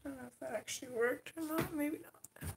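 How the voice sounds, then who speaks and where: A woman with a high-sitting voice talks at a moderate pace while hosting a laid-back livestream from her desk at home. Between remarks to viewers, she talks to her cat. Echo and faint noise are audible in the room.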